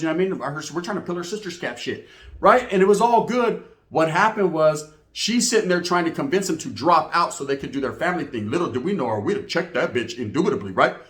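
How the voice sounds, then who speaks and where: A man telling street stories in a slang-heavy, profane, animated monologue. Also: a little high, fast talker. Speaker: storyteller host. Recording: echoey room.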